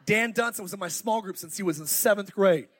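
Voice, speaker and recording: A high-pitched middle-aged man preaches with fire, urging the congregation on with call-outs. He swings between loud bursts and quiet, close asides, speaking through a stage microphone in a church auditorium. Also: fairly quick, slightly rough. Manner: fiery, animated preaching with crowd call-outs. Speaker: pastor. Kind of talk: sermon.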